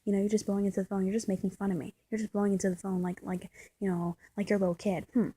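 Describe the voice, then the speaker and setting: Play a clingy, erratic young woman on the phone who is quick to take offense, whiny and accusing, and who rattles off the same questions again and again. Give her a husky, breathy edge, as a woman mimics her in a story. Her pitch is middling and her speech rushes. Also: little pitch movement, dark tone, close to an everyday voice.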